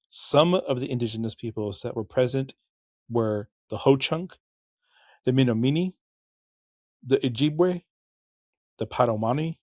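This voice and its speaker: A middle-aged man rambles candidly through a podcast monologue, restarting sentences and correcting himself as he goes. His pitch sits in an ordinary middle range. The sound is dry and close, with no room around it. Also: darkish tone, no room sound. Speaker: podcast host. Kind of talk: casual podcast monologue and history narration.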